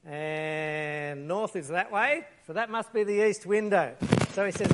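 A high-pitched man preaching a lively sermon. He tells a Bible story with energy, acts out the quotes and picks up props as he goes. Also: unhurried, slight background noise.

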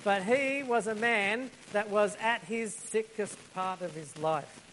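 A high-pitched man preaching a lively sermon. He tells a Bible story with energy, acts out the quotes and picks up props as he goes.

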